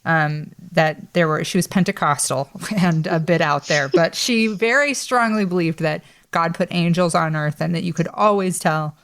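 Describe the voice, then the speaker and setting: A woman's voice: lowish voice, moderate pace, few pauses. Chatty laughing woman podcast host. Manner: warm, laughing, chatty storyteller. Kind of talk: casual podcast chat.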